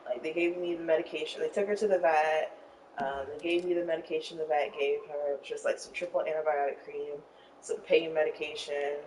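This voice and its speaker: A woman's voice: low voice, fairly even intonation, brisk, darkish tone, recorded from a distance, slight background noise, poor audio. A young woman from Arizona rambling through an emotional personal story with lots of fillers while she plays a game. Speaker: streamer telling a story. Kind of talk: casual storytelling while gaming.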